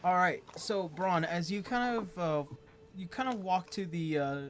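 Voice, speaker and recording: Halting, filler-heavy game master narration. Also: mid-range voice, animated.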